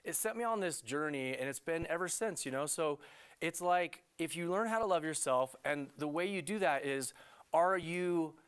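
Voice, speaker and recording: A middle-aged man talks in a TV studio interview, rambling eagerly through his points with plenty of fillers. His voice sits a little on the high side. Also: normal speed, clear, resonant tone. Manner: animated, rambling with many fillers. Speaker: love coach, guest.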